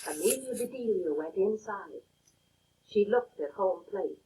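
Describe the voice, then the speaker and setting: A woman reading a children's picture book aloud in an expressive, deliberate way. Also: mid-range voice. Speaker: storybook reader. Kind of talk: children's story read aloud. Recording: dull lo-fi read-aloud with faint music.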